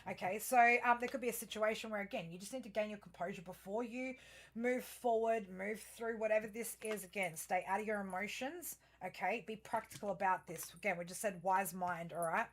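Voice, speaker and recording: Picture a woman reading cards for her viewers in a loose, unscripted flow, her pitch sitting in an ordinary middle range. She swears freely, stops and restarts her sentences, and keeps checking in with the people listening. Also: brisk. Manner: rambling, profane, talks straight to viewers; chatty, self-interrupting, frequent fillers. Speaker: astrology and tarot reader. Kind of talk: casual solo reading for viewers.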